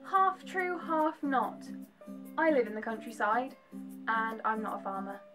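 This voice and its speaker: A young English woman with a slight American twang, talking to her camera at home in a chatty, animated way. Her voice sits a little high, and faint music plays quietly under her. She moves easily into joking asides. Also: a little slow. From England. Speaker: vlogger. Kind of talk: casual chat to camera.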